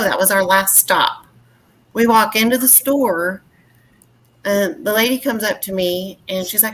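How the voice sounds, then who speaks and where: Woman, forties, bright forceful voice, indignant storyteller. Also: mid-range voice, normal speed. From West Texas. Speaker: podcast co-host. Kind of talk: casual chat.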